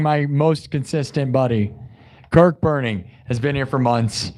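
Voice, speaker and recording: On his live stream, a young man with a throat worn sore from hours of yelling effusively thanks his viewers. He swings from loud hype to quiet asides, speaking at a medium pitch and normal speed.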